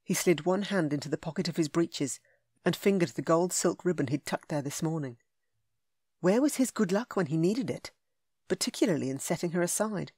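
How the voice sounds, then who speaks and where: A woman narrating a romance audiobook in a smooth, measured, intimate way. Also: on the low side, animated, mellow, no echo, clean studio sound. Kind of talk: scripted narration.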